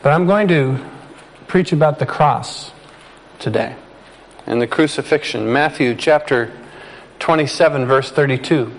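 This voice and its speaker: A man preaching a sermon, reading scripture slowly and deliberately, with calm conversational asides. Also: medium pitch, poor audio. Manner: slow, deliberate reading with emphatic pauses.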